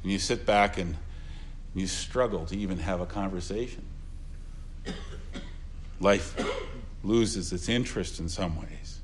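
Older pastor preaching an earnest funeral sermon. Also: male voice, low voice, a little slow, pauses often. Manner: earnest, rises and drops in loudness for emphasis, repeats phrases.

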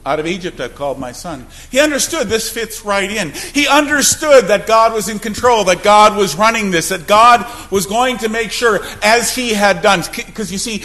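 A man preaching a sermon from the pulpit, swinging from loud declarations to hushed, low passages. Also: normal speed, hardly any pauses. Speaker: pastor.

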